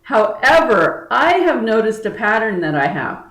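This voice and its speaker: A woman energy healer speaks to her viewers in an earnest, chatty way, leaning on fillers and restarting her sentences. Her voice sits a little high, and the room rings with a clear echo. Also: sing-song, measured pace, a bit bright. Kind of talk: casual spiritual talk to camera.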